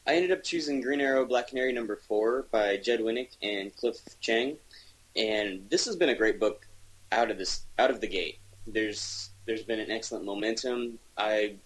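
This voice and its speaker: A man's voice: on the low side, slightly rough, rough recording. A man co-hosting a podcast, talking enthusiastically in a rambling casual way with many restarts. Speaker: podcast co-host reviewing comics. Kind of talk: casual chat.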